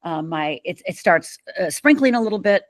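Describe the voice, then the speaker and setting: Middle-aged woman guest from Michigan, vivid storyteller, lowish voice, dry close mic. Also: animated, moderate pace, dry recording. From Upper Michigan, USA. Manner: vivid, emphatic storyteller who acts out quoted lines. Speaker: podcast guest. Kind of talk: storytelling in an interview.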